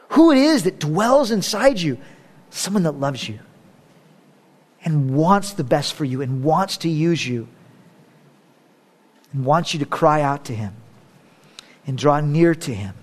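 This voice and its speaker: A pastor preaching a sermon. He jokes a little, then moves from loud, high exhortation to hushed, low prayer. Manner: joking asides with laughter. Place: church service.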